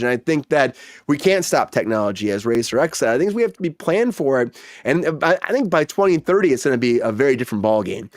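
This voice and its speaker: A fast-talking man hosts a casual panel over a video call, chatty and easygoing. His voice is dry and close, with no room around it. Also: medium pitch, dry recording. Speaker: host.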